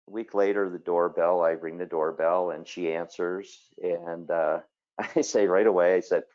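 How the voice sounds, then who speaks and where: A kitchen designer giving a conversational webinar presentation, telling stories with plenty of fillers. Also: male voice, sits low, fairly even intonation, moderate pace, darkish tone, highs cut off.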